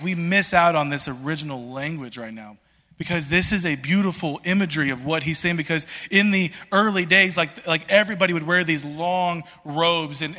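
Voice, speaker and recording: A man preaching a sermon in a conversational, animated way, full of restarts and filler words. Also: a little high. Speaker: pastor. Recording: long reverb in a large hall.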